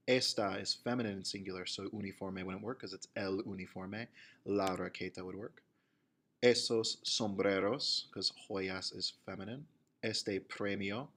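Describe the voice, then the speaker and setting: A man teaching a recorded grammar lesson, explaining slowly and reading example phrases aloud one by one. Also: lowish voice, fairly bright tone. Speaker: Spanish teacher.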